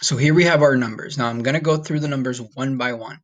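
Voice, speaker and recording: Man, teacher, recorded online lesson, patient, slow drills, mid-pitched voice. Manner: patient, repeats okay and all right often; says numbers slowly for students to repeat. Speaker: Spanish teacher.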